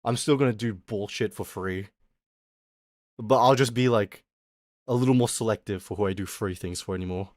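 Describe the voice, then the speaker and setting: A man's voice: fairly low pitch, normal speed, no room sound, studio quality. A man chatting casually on a live stream, rambling playfully and talking to his chat.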